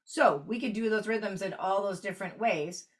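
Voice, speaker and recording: Speaking at a moderate pace in a mid-range voice, a woman leads an online clarinet workshop. Her manner is explanatory as she walks through practice rhythms one step at a time and marks up sheet music.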